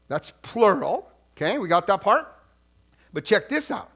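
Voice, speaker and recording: Male pastor, high and bright voice, chatty, animated sermon delivery. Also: a little slow. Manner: animated, conversational, repeats words as he restarts phrases.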